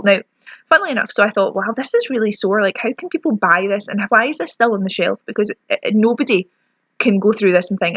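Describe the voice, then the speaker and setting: A woman's voice: mid-range voice, expressive, quick pace, fairly bright tone, no room sound. A young Scottish woman ranting chattily through a lip product review, self-mocking as her lips sting. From Scotland. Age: young adult. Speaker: beauty vlogger.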